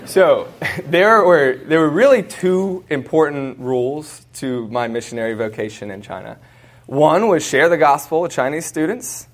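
Slightly high and animated, this man moves at a measured pace. He's an American in his thirties, a conference speaker telling students a story live with humor and a conversational touch.

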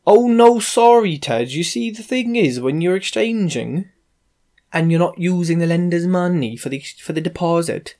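A man's voice: sits high, lively intonation, normal speed, warm tone. A man putting on a fussy, apologetic solicitor with a Welsh accent, in a prim and overly polite voice.

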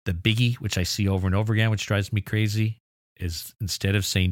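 A man with a very low voice hosts an educational podcast in a dry, close-miked recording. He explains clearly and eagerly, throwing in mildly exasperated asides. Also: steady tone, fairly quick, no room sound. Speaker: podcast host.

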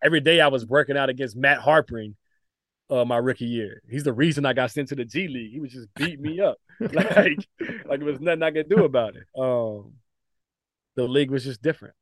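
A man, a former pro basketball player, telling lively stories in a casual podcast chat, with lots of "like" fillers and laughter. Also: medium pitch, fairly quick, dry recording. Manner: animated storytelling, frequent "like" fillers and laughs.

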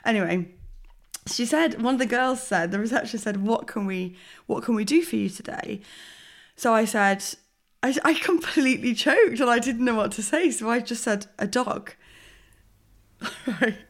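A woman's voice: fairly high pitch, normal speed. A young woman, a podcast co-host, telling an embarrassing story in casual chat with frequent laughter. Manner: giggly, animated storytelling.

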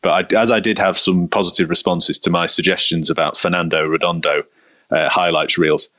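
A man's voice: deep voice, fairly quick, no echo. A man chatting about football as a podcast panelist, telling stories animatedly. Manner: animated storyteller, mimics managers in quotes. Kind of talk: casual football chat.

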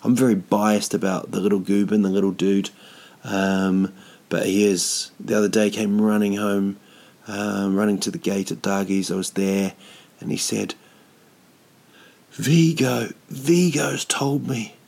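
A man's voice: lowish voice, little pitch movement, normal speed, darkish tone. A man, a touring comedian, talking at home in a casual, rambling monologue, hesitant with many ums and dry self-mocking humour. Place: at home, sitting indoors.

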